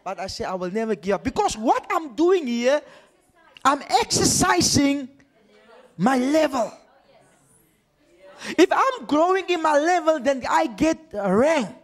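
Guy pastor preaching, voice real high and swooping, keeps asking are you with me. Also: takes it slowly, pauses often. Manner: animated, repetitive preaching, checks in with the congregation. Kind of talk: sermon.

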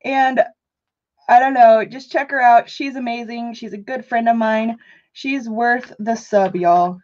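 A woman's voice: a little high, darkish tone. A woman hosting a live crafting talk show, chatting casually and goofing around with her viewers. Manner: chatty, goofy, rambling, jokes with chat. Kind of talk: casual live-stream chat. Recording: dull lo-fi stream audio.

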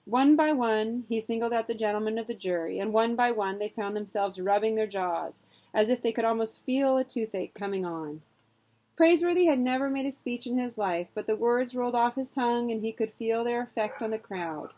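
A woman narrating a children's adventure novel in a steady, expressive reading style. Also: a little high, brisk. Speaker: audiobook narrator. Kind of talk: storybook narration.

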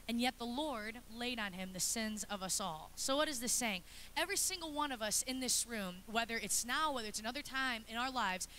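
Bright-voiced, playful woman preaching. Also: on the high side, slight background noise. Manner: playful, chatty, acts out little scenes. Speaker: pastor's wife preaching. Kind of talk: lively sermon. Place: church sanctuary.

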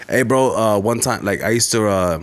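A man's voice: fairly low pitch, moderate pace. A man, co-hosting a podcast as a casual chat, blunt and profane, telling stories. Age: late 20s to 30s. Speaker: podcast co-host.

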